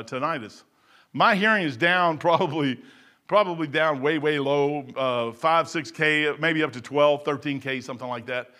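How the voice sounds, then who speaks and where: A middle-aged man preaching a sermon in a folksy, emphatic way, swinging from loud to low.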